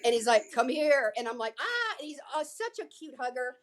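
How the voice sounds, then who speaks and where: An older woman telling a story as a guest in a casual interview, chatty and animated, acting out what people said. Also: fairly high pitch, fast talker. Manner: chatty, animated, acts out quotes. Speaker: guest, former featured extra.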